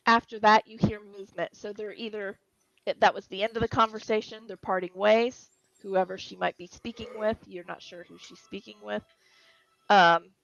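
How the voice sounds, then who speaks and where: A woman's voice: medium pitch, creaky, a bit bright. A woman running a tabletop game as game master, narrating descriptively with fillers and restarts. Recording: dull, lo-fi dry recording.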